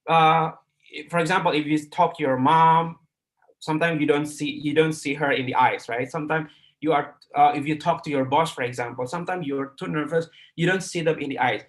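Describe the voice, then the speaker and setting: A man's voice: a little high, steady tone, fairly quick. Indonesian-accented man lecturing, filler-heavy. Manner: filler-heavy, repeats words, keeps asking "right?". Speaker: English class instructor. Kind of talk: live online lecture.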